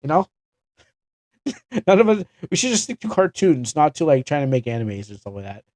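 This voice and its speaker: A man's voice: fairly high pitch, sing-song, moderate pace, a little mellow, no echo. Canadian guy streaming games, rambly, keeps restarting his sentences, pretty dry mic. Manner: rambling, self-correcting, chuckling asides. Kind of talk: casual livestream commentary.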